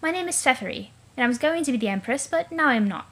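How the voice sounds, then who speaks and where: A woman's voice: high-pitched, lively intonation, quick pace, a bit bright, slightly rough, heavily acted. A woman voicing a bubbly teenage alien sea princess who teases with fish puns. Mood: playful. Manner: fish puns, cheery, teasing.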